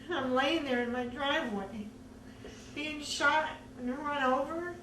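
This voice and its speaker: A woman earnestly recounting her own story in a measured way, with many pauses. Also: sits high. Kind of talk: personal testimony. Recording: echoey room, distant mic, faint background noise.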